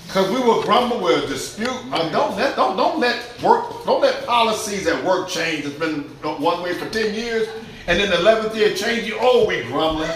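A male preacher delivering a sermon, swinging between loud shouts and quiet asides and acting out the grumbling voices of churchgoers. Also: high-pitched, animated, normal speed, a crowd in the background. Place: church hall with congregation. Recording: echoey room with faint ambience.

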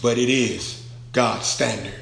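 A man's voice: mid-range voice, steady tone, slow pace, gravelly, a bit bright, echoey room, slight background noise. A man preaching a verse-by-verse Bible sermon, emphatic, stretching key words out and putting questions to the congregation. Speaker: pastor.

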